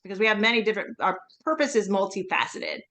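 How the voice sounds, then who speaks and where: A woman co-hosting a faith podcast, talking earnestly and quickly and laughing often. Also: mid-range voice, fairly bright tone. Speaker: podcast co-host.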